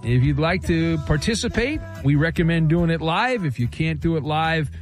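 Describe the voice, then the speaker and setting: A man hosting a talk radio show, bantering briskly and teasing his callers. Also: fairly high pitch, animated, faint music behind.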